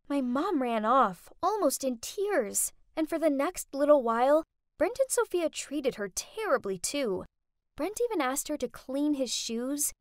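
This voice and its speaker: A young woman narrating a first-person animated story in a dramatic, emotional way. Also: high voice, dry recording, clean studio sound.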